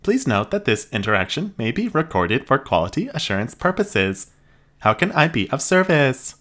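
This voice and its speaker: A woman's voice: rumbling low, sing-song, moderate pace, fairly bright tone, voice pushed up, full character voice. A man voicing a prim female security robot that speaks in stiff, formal customer-service phrases. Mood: politely robotic. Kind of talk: audiobook character voice.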